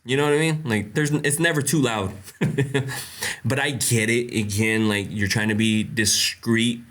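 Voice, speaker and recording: A man's voice: medium pitch, steady tone, measured pace, fairly bright tone. A young man hosting a casual live question-and-answer stream, blunt and joking, laughing often. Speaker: host.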